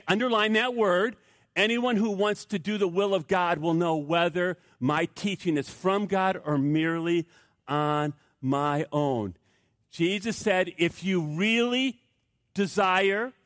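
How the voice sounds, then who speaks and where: A man preaching a sermon, emphatic, repeating key phrases and swinging between raised emphasis and hushed delivery. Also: fairly high pitch, no echo, studio quality. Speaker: pastor.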